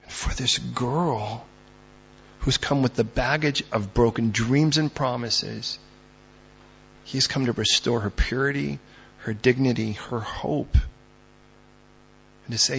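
Male pastor, gravelly husky voice, sermon delivery that swings loud to hushed, dull lo-fi recording. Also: mid-range voice, slow, long pauses.

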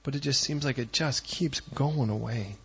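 A man's voice: medium pitch, normal speed, gravelly, breathy edge, lo-fi sound. A man preaching a sermon, telling a story and acting out what people said. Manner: animated storyteller acting out quotes. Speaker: pastor.

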